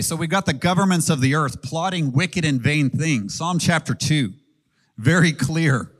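A man in his thirties preaching in an earnest, conversational way, with a mid-range voice. He asks his listeners questions and pauses with ums between points. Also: mid-range voice. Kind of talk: sermon.

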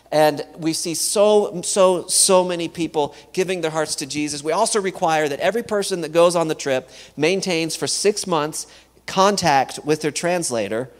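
A man's voice: a little high, in a large hall. A man giving an earnest church talk about mission work, telling stories and often repeating words as he goes. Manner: earnest, repeats words, acts out quoted dialogue. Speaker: missionary speaker.

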